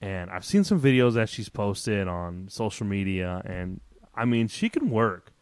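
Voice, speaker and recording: A man co-hosting a podcast, arguing his points in animated, casual chat. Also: lowish voice, clear, resonant tone, no echo. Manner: animated and argumentative, drawn-out casual filler. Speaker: podcast co-host.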